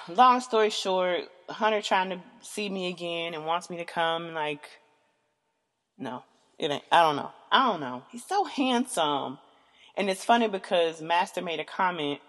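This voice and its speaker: A woman's voice: fairly low pitch, a bit bright. A woman hosting a casual podcast episode, talking frankly and rambling, with lots of fillers and profanity. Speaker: podcast host. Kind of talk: casual candid monologue. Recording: long hall reverb.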